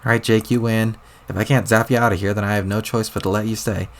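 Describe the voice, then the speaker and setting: A man streaming himself reading a webcomic aloud in a theatrical, lively way. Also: lowish voice, fast, slight background noise. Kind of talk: reading aloud with character voices.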